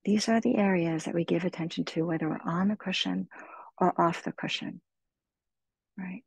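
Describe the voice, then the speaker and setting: Gravelly-voiced woman guiding meditation. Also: fairly low pitch, fairly even intonation, no room sound, poor audio. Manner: slow, soothing, gently encouraging. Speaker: meditation teacher. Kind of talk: guided meditation talk.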